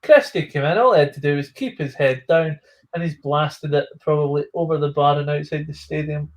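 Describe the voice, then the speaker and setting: A man's voice: on the high side, brisk. A man co-hosting a live football stream, giving blunt, opinionated commentary in casual chat.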